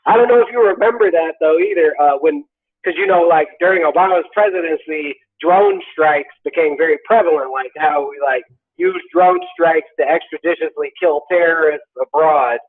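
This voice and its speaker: A man's voice: on the high side, moderate pace. A man co-hosting a podcast, ranting casually and profanely about politics and acting out quoted voices. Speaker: podcast co-host. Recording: tinny phone-like sound.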